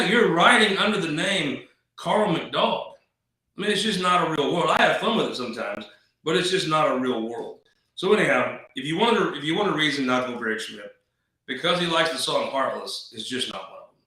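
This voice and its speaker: A man's voice: medium pitch, sharp tone, very echoey, distant mic, low-quality recording. A man hosting a political talk show, rambling in a folksy, wisecracking way. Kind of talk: casual political commentary.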